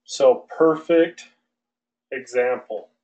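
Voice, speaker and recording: A male aviation instructor lecturing an online class in a relaxed, loose way, with many fillers and restarts. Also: medium pitch, extremely slow, rough recording. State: out of breath.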